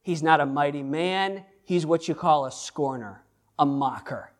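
Animated high-voiced male preacher. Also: measured pace. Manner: animated, repeats phrases for emphasis, stumbles and restarts. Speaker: pastor. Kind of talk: sermon.

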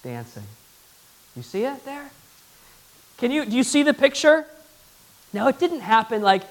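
A man preaching a sermon to his church, swinging from loud, excited bursts to hushed, earnest appeals. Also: very high-pitched. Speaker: pastor.

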